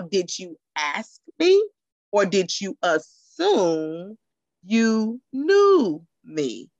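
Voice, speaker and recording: A woman who teaches, talking in a lively podcast conversation, often laughing and acting out the people she quotes. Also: medium pitch, dry recording, poor audio. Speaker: teacher and guest.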